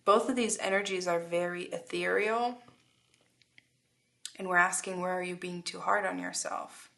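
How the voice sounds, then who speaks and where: A woman's voice: on the low side, fairly even intonation, normal speed, creaky, fairly bright tone. A young woman giving a casual tarot reading, chatty and giggly, full of filler words. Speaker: tarot reader.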